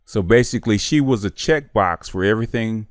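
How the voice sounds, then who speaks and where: A man hosting his own channel, commenting in a measured way with frequent pauses. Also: fairly low pitch, no room sound, studio quality. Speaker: channel host. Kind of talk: casual video commentary.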